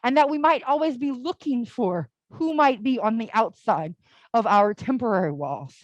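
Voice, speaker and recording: A woman's voice: fairly high pitch, expressive, normal speed, no echo, rough recording. A young adult woman giving a conversational all-ages sermon at a church service, telling stories casually and often saying "like". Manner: casual, storytelling, with frequent "like" fillers.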